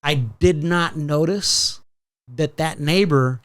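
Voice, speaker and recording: A man hosting a podcast, telling a story in a casual, profane, animated way and slipping in Spanish phrases. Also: fairly high pitch, slow, clear, resonant tone. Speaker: podcast host.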